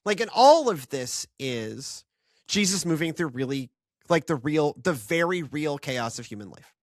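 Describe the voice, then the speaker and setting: Casual podcast co-host, animated, ums and restarts, dry voice. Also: mid-range voice, measured pace, no echo. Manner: animated, many fillers and restarts. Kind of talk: casual Bible discussion.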